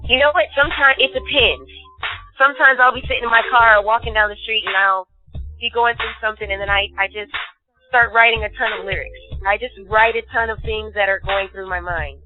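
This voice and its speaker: A woman bassist explains her process in a flowing, animated stream. Her voice is thin and phone-like. Music plays clearly behind her. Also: fairly quick. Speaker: bassist and singer guest. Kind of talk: interview answers. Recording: tinny phone line.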